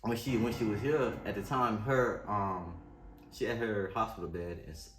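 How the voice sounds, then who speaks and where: A man co-hosting a vlog, talking in a relaxed, low-key, casual way. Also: normal speed, slight background noise. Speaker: vlog co-host. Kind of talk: casual chat. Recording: roomy sound with faint music.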